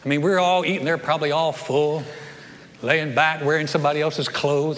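A middle-aged male pastor preaching a sermon, telling the story in an animated way and repeating words as he goes. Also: a little high, normal speed, slight background noise. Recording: long reverb of a large church hall.

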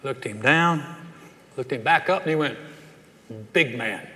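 A man's voice: fairly high pitch, normal speed. A middle-aged man from the Southern United States, preaching a sermon full of stories and acting out the people in them. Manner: animated, acts out voices in anecdotes. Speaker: pastor. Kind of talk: sermon with storytelling. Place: church sanctuary. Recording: long hall reverb.

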